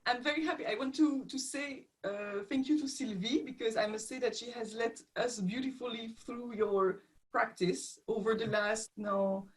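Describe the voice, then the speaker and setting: A woman with a French accent speaking on a group video call, pausing often to search for words. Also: on the high side, fairly even intonation, rough recording. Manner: hesitant, searching for words with many fillers. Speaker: session participant.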